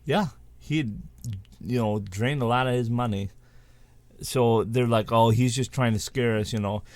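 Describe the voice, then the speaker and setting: A man's voice: mid-range voice, unhurried, a little mellow, no echo. Man, co-host, casual rambling storyteller, dry close sound. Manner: rambling, with frequent restarts and asides.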